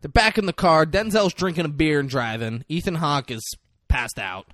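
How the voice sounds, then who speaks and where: This young man, who grew up locally, has a fairly high pitch and a moderate pace as he casually recounts a film, swearing a lot and performing the characters' dialogue with energy. The sound is clean studio audio with no room tone.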